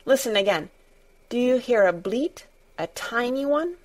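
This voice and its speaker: An earnest, matter-of-fact young girl from a storybook, speaking in a raised, youthful pitch, as a woman reader puts her on. She talks plainly and seriously. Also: expressive, measured pace. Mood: eager. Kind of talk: storybook reading.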